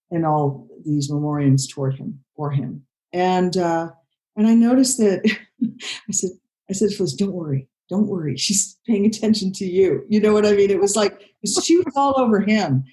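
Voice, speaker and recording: An older woman director talks through her work in a relaxed interview. Her voice sits low and warm. She meanders, restarts her sentences and leans on "you know" constantly. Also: rough recording. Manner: rambling, many "you know" fillers and restarts. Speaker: film director, interview guest. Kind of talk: conversational interview.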